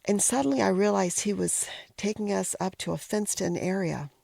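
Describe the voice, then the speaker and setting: A middle-aged woman narrating a personal story in a reflective, emotional way, often pausing and sometimes dropping to a whisper. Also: medium pitch, gravelly, darkish tone, no echo, clean studio sound. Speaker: podcast host telling a personal story.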